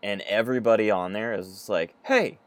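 A low-pitched man in his thirties holds up his end of a casual podcast chat. His voice swoops up and down as he mocks what he describes and acts out the people in it. He is sarcastic and swears freely. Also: normal speed, no echo. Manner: sarcastic, profane, animated, acts out characters. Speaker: podcast co-host.

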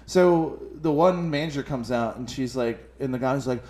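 A man on a podcast in casual chat, telling an animated, profane story full of quoted voices. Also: medium pitch, normal speed. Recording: echoey room.

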